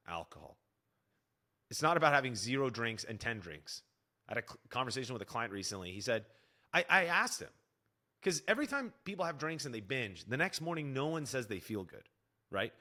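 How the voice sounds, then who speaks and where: Animated man giving fitness advice. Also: medium pitch. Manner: energetic, animated, acts out dialogue. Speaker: fitness coach. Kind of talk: direct-to-camera fitness advice.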